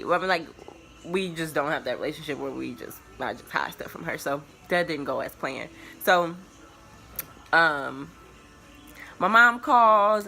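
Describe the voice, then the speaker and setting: A woman in her early twenties telling viewers a personal story in a casual, rambling way, full of filler words and restarts. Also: on the low side. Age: early 20s. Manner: relaxed, confiding tone addressed to viewers.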